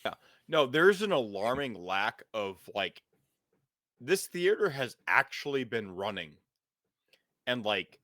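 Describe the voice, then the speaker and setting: A man's voice: fairly low pitch, sharp tone, no room sound, clean studio sound. A man narrating as game master in a tabletop role-playing game, loose and full of "like"s. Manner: loose, filler-heavy narration with "like".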